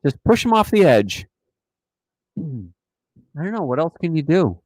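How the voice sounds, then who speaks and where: A man's voice: on the high side, sing-song, measured pace, a little mellow, no echo, low-quality recording. A man hosting a casual live stream, joking and rambling in a playful, silly way.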